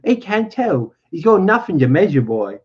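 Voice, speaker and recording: A man voicing a lonely, needling older male stable hand, drawn out and raised in pitch, on a dull lo-fi recording. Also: very animated, moderate pace, a little mellow, husky, exaggerated voice. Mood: wistful.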